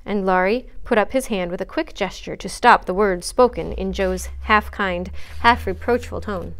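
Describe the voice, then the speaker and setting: A woman librarian narrates a classic chapter book for story time. Her reading voice is steady and clear, pitched in an ordinary middle range. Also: moderate pace, few pauses. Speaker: children's librarian reading aloud. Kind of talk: storytime read-aloud narration.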